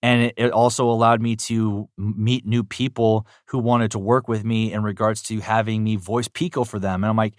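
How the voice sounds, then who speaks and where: Upbeat, animated man in dry sound. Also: fairly low pitch, moderate pace, hardly any pauses, no echo. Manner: upbeat, animated, lots of fillers like "you know". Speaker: voice actor guest. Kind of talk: enthusiastic interview answers.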